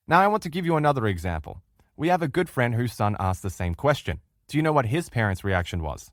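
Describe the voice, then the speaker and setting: Middle-aged aussie guy lecturing, earnest and emphatic, mid pitch, dry close sound. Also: big pitch swings, quick pace, no room sound. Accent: Australian. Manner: earnest, emphatic, speaks directly to listeners. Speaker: relationship course instructor. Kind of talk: recorded lecture.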